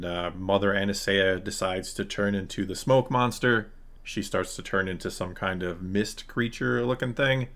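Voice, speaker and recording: A man recapping and critiquing a TV episode in a casual, sarcastic, frustrated way. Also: fairly low pitch. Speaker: YouTube reviewer.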